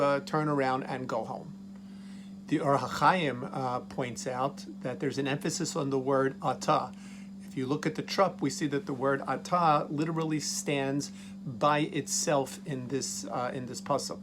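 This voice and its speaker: A man, a rabbi, teaching a Torah lesson. He reads verses slowly and then translates and explains them. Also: fairly high pitch, noisy background.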